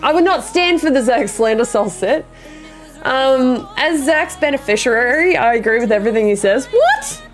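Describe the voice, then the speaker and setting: Australian woman streamer, higher voice, casual and expressive, lots of laughs, light music bed. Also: normal speed. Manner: animated, swears freely, laughs often. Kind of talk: casual chat with viewers.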